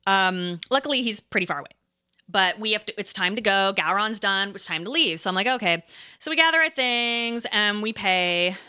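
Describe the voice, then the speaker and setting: A woman in her thirties casually telling a rambling story, pausing and restarting often and breaking into laughs. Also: medium pitch, expressive, pushed and bright, smooth. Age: 30s. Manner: hesitant, rambling, laughing often, quotes herself and others.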